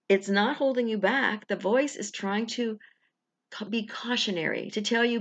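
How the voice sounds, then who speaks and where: A woman hosting a guided affirmation talk in an encouraging, conversational way, slowing down to speak each affirmation. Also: a little high. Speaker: affirmation coach, host. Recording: dull lo-fi recording.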